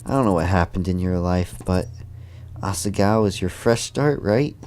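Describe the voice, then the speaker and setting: A man's voice: low-pitched, normal speed, darkish tone, slight background noise, close to an everyday voice. A man reading a cheerful schoolgirl friend. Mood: encouraging. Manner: upbeat, encouraging, read aloud from game text. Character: cheerful supportive young female schoolgirl friend. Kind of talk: reading visual novel dialogue.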